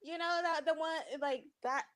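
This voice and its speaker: Very high-voiced fan caller, gushing. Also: female voice, normal speed, crowd noise. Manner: gushing, excited fan, effusive.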